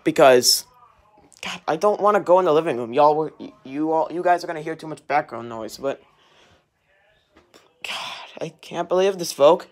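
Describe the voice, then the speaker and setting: A man's voice: fairly high pitch, expressive, a little fast. A young man ranting in a casual vlog while doing dishes in his home kitchen, angry and rambling, swearing often, recorded on a handheld camera as he walks around. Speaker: vlogger. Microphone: handheld camera, walking around.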